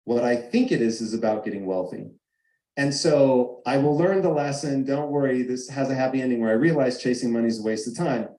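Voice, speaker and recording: A man's voice: mid-range voice, a little fast, dark tone, roomy sound, low-quality recording. A man telling a personal story over a video call, emphatic and acting out the arguments he quotes. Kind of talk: animated storytelling. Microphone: video call mic.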